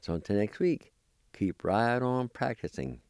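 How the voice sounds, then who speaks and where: A man giving a slow language lesson, spelling and pronouncing each word and repeating it patiently. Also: lowish voice, big pitch swings, darkish tone, no echo, studio quality. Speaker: language teacher.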